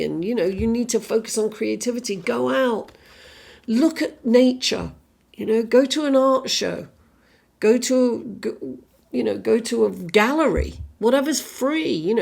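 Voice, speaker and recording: A woman's voice: fairly high pitch, gravelly, darkish tone. A woman giving a casual tarot reading, rambling and chatty with lots of "you know" and "right?", a little under the weather with a cough, and with an accent that is not American. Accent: non-American. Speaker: tarot reader.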